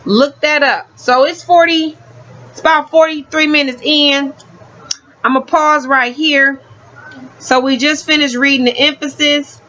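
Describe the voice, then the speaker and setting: A woman's voice: high-pitched, fairly even intonation, measured pace, bright, forceful tone, a little hiss or hum. A woman, teaching law texts in an emphatic, preachy, casual monologue. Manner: preachy, emphatic, street-talking. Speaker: community educator reading law texts. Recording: dull lo-fi sound.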